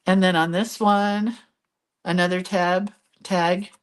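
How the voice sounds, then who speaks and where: A middle-aged woman in a relaxed, rambling live craft stream. She talks her way through each page she shows. Now and then she breaks off to answer viewers by name. Her voice sits a little low for a woman. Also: slow pace. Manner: chatty, rambling, reads viewer comments aloud. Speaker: craft video host. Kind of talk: casual live crafting chat.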